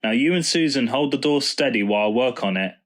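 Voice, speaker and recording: A man's voice: medium pitch, expressive, fast, natural voice. A man voicing a patient, thoughtful father who is a vicar, in a storybook reading. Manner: warm, thoughtful and explaining.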